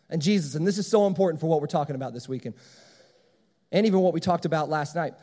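A man's voice: fairly high pitch, rapid-fire, warm tone. A man preaching a sermon as pastor, emphatic and repeating his key phrases. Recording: long hall reverb.

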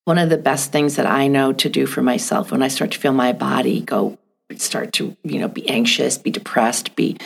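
A middle-aged woman speaking gently and thoughtfully on a podcast, asking reflective questions. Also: a bass voice, moderate pace, vocal fry, husky. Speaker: guest.

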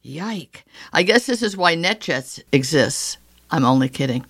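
A woman's voice: deep voice, lively intonation, unhurried, fairly bright tone, slightly rough, no room sound, studio quality. A woman hosting a podcast, thanking her guest and reading the show's sponsors. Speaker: podcast host. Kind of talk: podcast interview and sponsor read.

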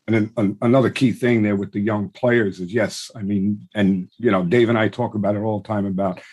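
A man's voice: lowish voice, fairly even intonation, fairly quick, a little mellow, husky. A man hosting a baseball coaching show, chiming in with short agreements. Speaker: podcast host. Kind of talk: casual chat.

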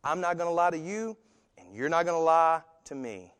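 A man putting on a stern father laying down the rules to his son. He speaks slowly and firmly in his own low-set voice. A long hall reverb trails each phrase. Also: animated, fairly bright tone, smooth. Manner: slow, firm and measured.

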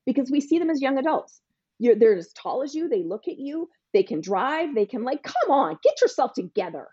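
A woman coach talks on a podcast in a punchy, emphatic way, now and then acting out both parent and teen. Her voice is mellow and husky, and the recording sounds dry and a little dull. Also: sits high, big pitch swings, a little fast, no echo. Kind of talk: podcast interview answer.

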